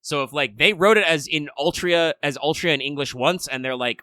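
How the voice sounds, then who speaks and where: A man's voice: mid-range voice, moderate pace, hardly any pauses, bright, forceful tone, no room sound. An American man co-hosting a casual podcast chat, rambling with frequent restarts and wry asides. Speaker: podcast co-host.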